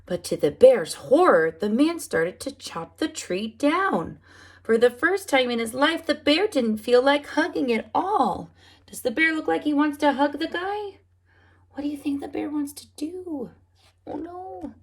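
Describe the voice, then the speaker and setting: Preschool teacher lady reading a picture book, lively swoopy voice with some gravel. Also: high voice, unhurried. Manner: animated, asks children questions. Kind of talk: storybook read-aloud for children.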